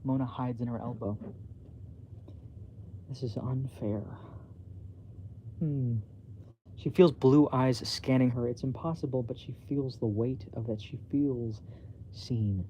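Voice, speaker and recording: A man's voice: medium pitch, steady tone, slow pace, long pauses, warm tone, slight background noise. A man reading his own novel aloud as a bedtime story, plainly and a little self-consciously, with small slips, in a dull home recording.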